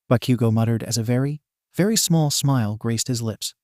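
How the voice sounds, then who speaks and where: A man reading a fan fiction story aloud as narrator, with a steady, even delivery. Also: mid-range voice, a little fast, no echo, clean studio sound.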